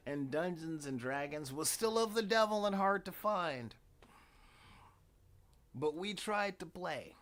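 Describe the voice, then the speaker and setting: A man's voice: high voice, expressive, slow pace, long pauses, fairly bright tone. A man in his forties talking casually as host, with wry, dramatic, sighing asides. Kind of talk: casual rambling monologue.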